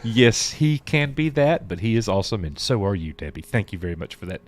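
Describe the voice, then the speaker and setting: A man co-hosts a laid-back live stream, his voice sitting low. He drifts between reading viewer messages and chatting about them in a loose, unhurried way. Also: slight background noise. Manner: reads viewer messages aloud, drawling and chatty. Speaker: show co-host. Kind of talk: casual live-stream chat.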